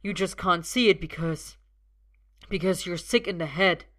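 Woman doing a young man, tearful, shouting, defiant, bright forceful tone. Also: lowish voice, moderate pace, close to an everyday voice. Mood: shaky defiance. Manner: shaky, then shouting and tearful. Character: desperate young man defying his father.

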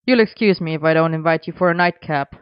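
A stern older father, cold and disapproving, speaks with clipped haughtiness, as a storybook reader puts him on. The voice stays smooth and clear. The recording is dry and a little dull. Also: mid-range voice, fast talker, no room sound, close to an everyday voice. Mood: cool disapproval.

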